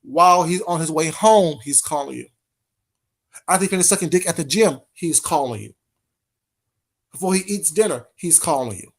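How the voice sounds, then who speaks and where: A livestream host talks straight to his chat casually but heatedly, repeating phrases. His voice is on the high side and his speed normal, with long pauses.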